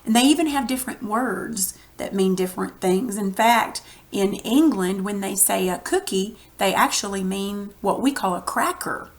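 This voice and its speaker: A woman's voice: medium pitch, moderate pace, hardly any pauses. A woman with a Texan accent, teaching a reading lesson to young students in a conversational, explaining way. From Texas.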